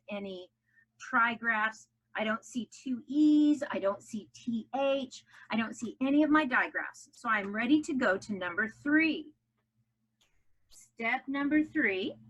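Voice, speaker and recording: Bright, upbeat woman teaching phonics. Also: on the high side. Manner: step-by-step, encouraging, repeats sounds for kids to echo. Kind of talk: recorded phonics lesson for children.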